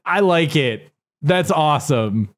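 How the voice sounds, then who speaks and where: A man's voice: a little high, lively intonation, slow pace. A young man co-hosting a podcast, chatting casually and rambling with lots of restarts and fillers. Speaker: podcast co-host. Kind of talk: casual chat.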